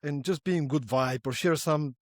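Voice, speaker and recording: A man's voice: on the high side, normal speed. A man hosting a podcast, chatting in a playful, upbeat way and acting out little voices in his stories. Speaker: podcast host. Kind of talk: conversational interview.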